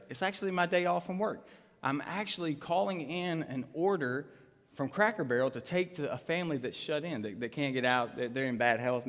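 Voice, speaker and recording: A man, a pastor telling a personal story in a live sermon, acting out the voices in his tale. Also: mid-range voice. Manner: animated storytelling with voiced quotes. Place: church auditorium. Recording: live sermon in a large hall.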